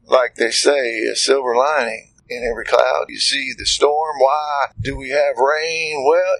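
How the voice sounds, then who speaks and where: A man delivers a casual devotional talk, his voice pitched a little high and swinging widely as he rises and falls. His manner is folksy and animated, full of rhetorical questions aimed at his listeners. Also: creaky, low-quality recording.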